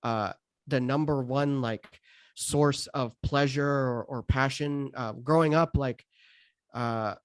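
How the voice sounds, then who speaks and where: A man's voice: mid-range voice, steady tone, slow pace, no room sound, clean studio sound. A man in his thirties from the United States, a stand-up comedian talking casually on a podcast with frequent restarts and fillers. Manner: hesitant, many restarts and fillers.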